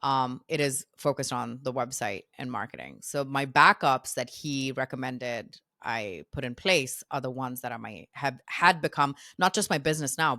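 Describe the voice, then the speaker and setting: A woman in her thirties tells stories in a low voice and acts out what people said to her. The sound is close and dry, with no room in it. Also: no room sound. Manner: animated, quotes herself and others in lively voices. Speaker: podcast guest, founder. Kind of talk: casual storytelling interview.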